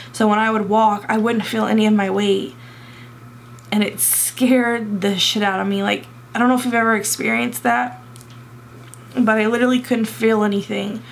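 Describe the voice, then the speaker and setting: A young woman tells a personal story to her camera, close to tears and stumbling over fillers. Her voice is gravelly and flat, held close to one pitch. A faint hiss sits behind her. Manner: emotional, halting, many fillers. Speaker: vlogger.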